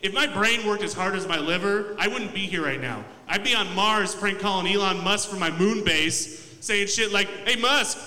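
A man's voice: high voice, moderate pace, sharp tone. A young man doing a loose, profane, self-mocking stand-up set in a comedy club. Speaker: stand-up comic. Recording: echoey club room mic.

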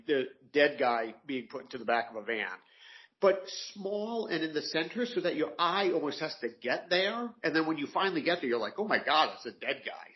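A man's voice: mid-range voice, lo-fi sound. A man co-hosting a comics podcast in casual chat, describing pages enthusiastically with many fillers.

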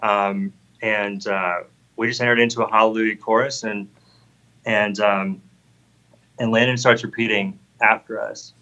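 A man's voice: on the low side, fairly even intonation, measured pace, bright, forceful tone, muffled recording. A man in his thirties telling an earnest, heartfelt personal faith testimony in conversation. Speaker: guest sharing a testimony.

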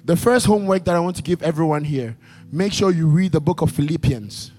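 A man's voice: on the high side, brisk, darkish tone. A man preaching a sermon at a church service, emphatic and repetitive, calling out questions to the congregation. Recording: long hall reverb with faint music.

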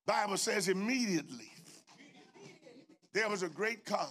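Older man preacher, very high voice, slow drawn-out whooping sermon, bright edge, sings and shouts lines. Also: lively intonation. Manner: chanting, shouting and half-singing hymn lines. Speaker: bishop preaching.

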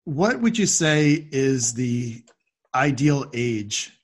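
A man hosting a podcast interview, easygoing and quick to laugh as he asks questions. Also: mid-range voice, very animated, breathy edge. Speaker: podcast host. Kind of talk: casual interview.

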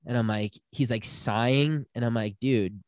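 A man's voice: mid-range voice, moderate pace, clean tone, no room sound, clean studio sound. A young man telling a personal story in casual chat, acting out the people he quotes. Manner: animated storyteller, acts out quotes.

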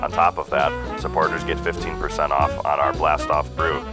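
A woman voicing a deep-voiced male coffee ad announcer with a smooth promotional delivery, over loud music. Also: little pitch movement, normal speed. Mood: salesy.

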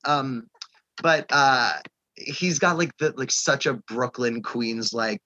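A man co-hosting a casual podcast chat, animated and laughing often as he acts out relatives in quoted voices. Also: medium pitch, takes it slowly, no room sound, muffled recording. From Staten Island, New York. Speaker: podcast co-host.

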